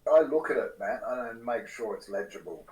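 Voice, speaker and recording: A man playing in a tabletop game, asking quick, hesitant questions of the game master. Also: mid-range voice, expressive, a little mellow, poor audio. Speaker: player. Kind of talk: casual tabletop game talk.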